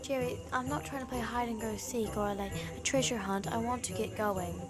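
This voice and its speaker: A woman's voice: fairly high pitch, fairly even intonation, moderate pace, over loud music. A woman with a New Zealand accent hosting a gaming channel, playing a horror game and talking dramatically to the characters, jumpy and easily scared.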